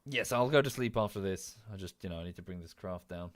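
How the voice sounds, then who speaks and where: A man's voice: low-pitched, quick pace. A young man streaming a game, talking casually and mocking himself. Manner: chatty, self-mocking, coos baby talk at his dog.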